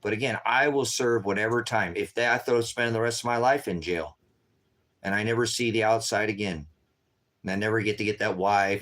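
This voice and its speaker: A weary man with a fairly low voice speaks to his viewers over a livestream. He talks urgently and keeps repeating himself, calling out "guys" again and again, and sounds worn out from a sleepless night. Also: fairly even intonation, a little fast, fairly bright tone. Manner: urgent and repetitive, constantly addressing viewers as guys. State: tired, staying up all night. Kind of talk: unscripted livestream talk to viewers.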